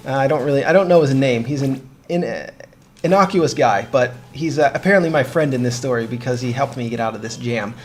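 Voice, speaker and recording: A man's voice: medium pitch, a little fast. A young man chatting casually on a gaming show, telling a long dream story with laughs and restarts. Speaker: co-host of a game podcast.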